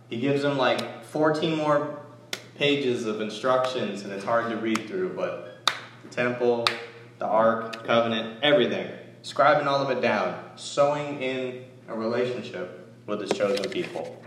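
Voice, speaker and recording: Man, lay preacher, chatty sermon, very echoey hall, distant mic, faint hiss. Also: medium pitch. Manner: conversational, animated storytelling with asides. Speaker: church lay speaker. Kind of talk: informal sermon.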